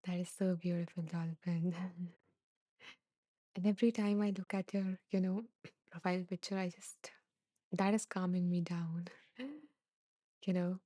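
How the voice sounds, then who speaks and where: A soft-spoken woman host reads and answers live listener comments, slow and unhurried, with a mellow, warm tone. She sounds emotional and close to tears, laughing softly between remarks. The recording is dry and close. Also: on the low side, little pitch movement, dry recording. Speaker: podcast host.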